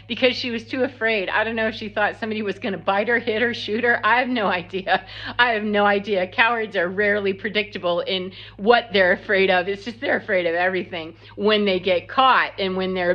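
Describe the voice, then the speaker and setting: A woman telling a story in a casual, blunt, animated monologue that acts out what people said. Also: medium pitch, moderate pace. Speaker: spiritual vlogger. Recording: slightly dull lo-fi sound.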